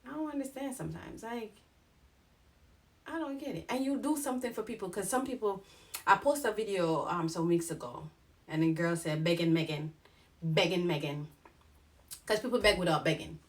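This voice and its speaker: A young woman talking candidly to camera in a personal vlog, frank and animated, about her own life. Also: medium pitch, a little fast. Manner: frank, animated, mimics others in quoted asides. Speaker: vlogger.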